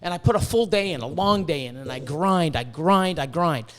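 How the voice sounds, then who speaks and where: A man hosting a casual podcast, rambling and swearing as he tells animated stories, hot and sweating in his room. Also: fairly high pitch, moderate pace. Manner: profane, rambling, animated storytelling. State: sweating, overheated. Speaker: podcast host, reptile breeder. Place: hot indoor room with a fan.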